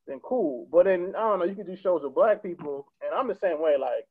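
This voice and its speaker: A young man from Connecticut tells comedy-club stories in a rapid, animated and profane way, laughing along as he goes. His voice sits a little high for a man. He comes through a narrow, tinny line that sounds like a phone call. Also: breathy edge. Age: young adult. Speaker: stand-up comedian, podcast guest. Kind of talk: casual storytelling.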